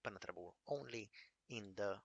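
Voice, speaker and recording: A man giving a casual game review, enthusiastic and halting, calling things amazing again and again. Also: lowish voice, vocal fry, no echo, dull audio. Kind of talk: casual gameplay commentary.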